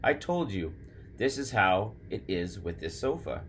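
A man voicing a calm, kindly woman doctor who speaks in a reassuring way. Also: lowish voice, a little slow, a little hiss or hum.

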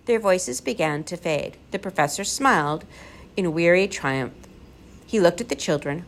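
A woman narrating a children's adventure story with an expressive reading. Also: fairly low pitch, moderate pace.

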